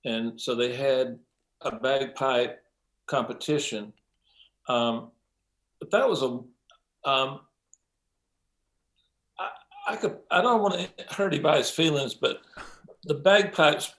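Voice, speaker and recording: An older man, a mix engineer as interview guest, telling stories in a lively way, acting out quotes, with many ums and some swearing. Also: medium pitch, unhurried, pauses often. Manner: animated storyteller, acts out quotes, frequent ums and profanity. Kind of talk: casual interview storytelling.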